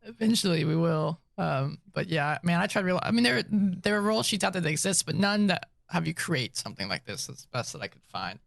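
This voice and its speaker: A man's voice: fairly high pitch, sing-song, gravelly, fairly bright tone, no echo, studio quality. A young man co-hosting a podcast, chatting and teasing his partner in an easygoing way. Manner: easygoing, teasing, quick to laugh. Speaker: podcast co-host. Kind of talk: casual chat about tabletop roleplaying.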